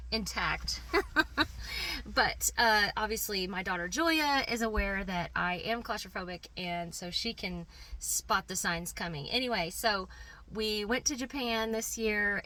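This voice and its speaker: Middle-aged woman, bright tone; chatty storyteller, filler-heavy, giggly. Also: mid-range voice. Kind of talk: personal anecdote.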